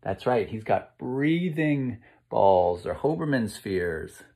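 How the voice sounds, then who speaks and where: A man reading a picture book aloud to children, asking them gentle questions as he goes. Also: fairly low pitch, big pitch swings, slow pace, vocal fry. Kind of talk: interactive read-aloud.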